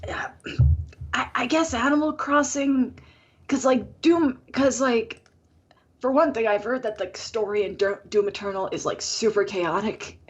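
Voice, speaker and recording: Podcast co-host: a slightly high-voiced woman, blunt and wry, on a muffled mic. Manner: blunt, swears freely, wry self-deprecating humor. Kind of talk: casual chat.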